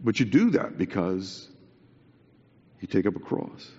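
A man's voice: low voice, very animated, measured pace, warm tone, breathy edge. Man preaching in a reverberant hall. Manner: earnest, conversational, emphatic repetition. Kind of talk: sermon. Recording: dull recording with long hall reverb.

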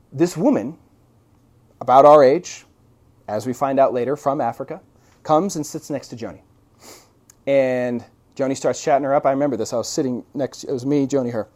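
A man's voice: fairly high pitch, darkish tone. A man preaching a conversational sermon, telling stories with asides and rhetorical questions. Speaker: pastor.

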